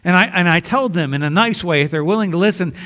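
A male pastor preaches in an earnest, conversational way, often restarting sentences. His voice sits somewhat high and carries a long hall echo. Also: quick pace, pushed and bright. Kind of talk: sermon.

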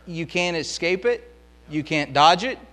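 A man teaching a Bible lesson in Sunday school, reading verses aloud and swelling into loud, impassioned pleading. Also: a little high, animated, measured pace, in a large hall.

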